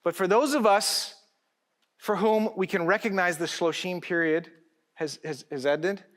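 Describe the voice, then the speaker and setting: A middle-aged man gives a keynote speech at a conference. His voice sits high for a man, and he talks in an animated, direct way and teases the crowd. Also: unhurried. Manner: animated, direct, joking with the audience.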